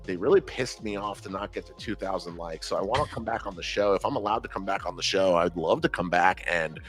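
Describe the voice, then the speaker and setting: A young man with a lowish voice, hosting a live trading stream in loose, casual chat. He tells stories with animation and acts out what others said. Faint music plays in the background. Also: fast. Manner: animated storytelling, acts out quotes. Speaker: trader and show host.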